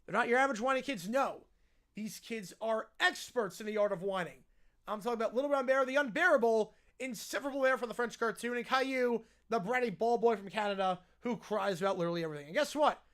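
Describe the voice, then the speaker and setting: A man hosting a parody game show with deadpan, wry asides. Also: very high-pitched, fast. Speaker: host.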